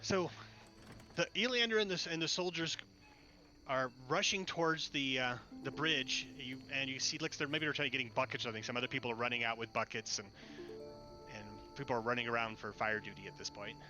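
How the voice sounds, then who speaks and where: A man narrating and running a tabletop game as game master, in a relaxed, joking manner. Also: medium pitch, brisk, dull audio, soft background music.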